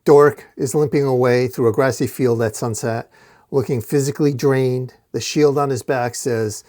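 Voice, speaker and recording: A man narrates a fantasy comic aloud in a casual, unpolished way, at a mid pitch. He talks the action through plainly and now and then uses fillers. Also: steady tone, moderate pace, a little mellow. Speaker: comic reader.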